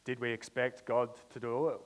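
A young man giving a testimony in a sermon, telling a story and then slowing into drawn-out, emphatic declarations of faith. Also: medium pitch, flat delivery, long reverb tail, rough recording. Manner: storytelling with slow emphatic build-ups. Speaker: preacher.

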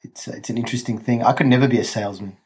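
A male comedian guest telling lively anecdotes in casual chat, often breaking into laughter. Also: medium pitch, very fast, husky. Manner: animated anecdotes, frequent laughter.

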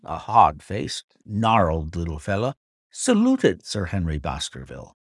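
A man reading a classic novel aloud as an audiobook narrator, in measured, expressive storytelling. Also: on the low side, no room sound, clean studio sound. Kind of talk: scripted narration.

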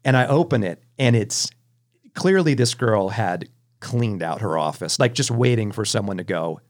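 A man's voice: fairly low pitch, moderate pace. A man hosting a film podcast, telling stories in a casual, chatty way with many restarts. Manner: animated anecdotes with frequent restarts. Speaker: podcast host. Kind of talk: casual storytelling chat.

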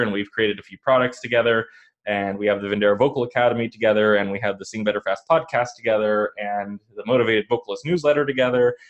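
A man co-hosting a podcast, telling a personal story in a rambling, casual way with many fillers and restarts. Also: on the low side. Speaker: podcast co-host.

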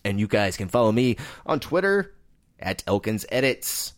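A man's voice: on the low side, sing-song, moderate pace. Joking podcast host, man. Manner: joking, wraps up the show with plugs. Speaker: podcast host, film editor. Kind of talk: casual movie podcast chat.

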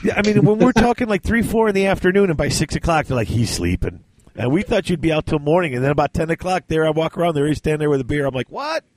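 A man's voice: a little high, very fast, few pauses, dry recording. A man hosting a casual chat, telling a long story and acting out what others said. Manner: animated, acts out quoted dialogue. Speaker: podcast host.

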